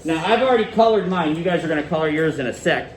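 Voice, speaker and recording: Animated male teacher in echoey classroom. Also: on the high side, fast talker, distant mic, a little hiss or hum. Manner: animated, questioning students. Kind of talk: classroom lesson.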